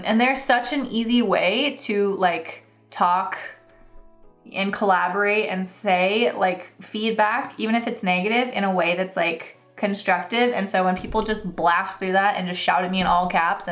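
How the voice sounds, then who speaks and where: A young woman ranting in a casual storytime vlog, animated and acting out quoted lines in mock voices. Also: medium pitch, unhurried. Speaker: freelance writer vlogger. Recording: echoey room with faint music.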